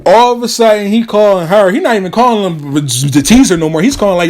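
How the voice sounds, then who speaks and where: A man telling a story casually, animated and profane, acting out the people he quotes. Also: high-pitched, quick pace.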